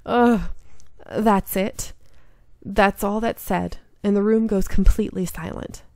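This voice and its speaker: Woman, game streamer, reads a story game aloud, earnest and invested; gravelly edge, dry close mic. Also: medium pitch, fairly even intonation, measured pace, mellow, no echo. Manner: earnest, emotionally invested reading.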